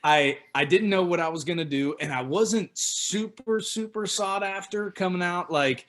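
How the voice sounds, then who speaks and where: A man from Oklahoma, a pro football punter, telling a lively story as a podcast guest and acting out the voices of people he quotes. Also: high voice, moderate pace. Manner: animated, acts out quotes of others. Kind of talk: casual storytelling interview.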